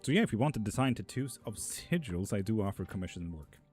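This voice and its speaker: Male streamer, low-ish voice, relaxed profane banter with viewers, frequent laughs, soft music bed. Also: fast. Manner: profane, laughs often, loose and joking. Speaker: live stream host reading chat questions. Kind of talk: casual live-stream chat. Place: indoor room with a fan running.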